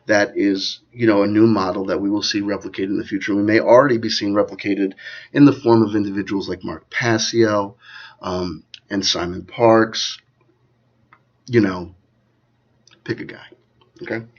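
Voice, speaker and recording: A man with a slightly low voice talks off the cuff, wandering between points and tagging his sentences with little check-ins to the listener. The recording is dull and lo-fi, with the top end rolled off. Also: steady tone, normal speed. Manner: loose and digressive, peppered with "you know" and "okay?". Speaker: channel host. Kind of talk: rambling commentary to camera.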